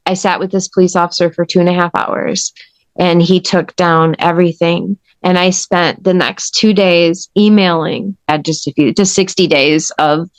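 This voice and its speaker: A woman with a fairly low voice recounts her story to an interviewer with earnest intensity. Her speech is conversational and emphatic. The sound is close and dry, with no room echo. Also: fairly even intonation, normal speed. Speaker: podcast guest.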